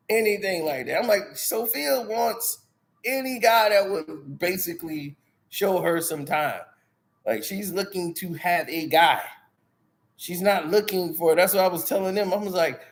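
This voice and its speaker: A man who hosts a channel, telling stories in a casual, slangy, animated way and often laughing. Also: sits high, measured pace. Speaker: channel host. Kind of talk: casual storytelling.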